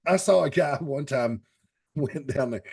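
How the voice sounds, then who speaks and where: A man's voice: mid-range voice, measured pace, creaky, darkish tone, husky. A man on a wrestling talk panel, telling stories in casual chat and laughing as he acts out quotes. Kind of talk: casual chat, animated storytelling.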